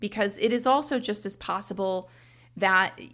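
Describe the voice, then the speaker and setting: A woman who trains life coaches hosts a podcast, explaining coaching skills in a conversational, instructional way with frequent casual asides. Her mid-range voice is fairly bright and moves at a normal speed.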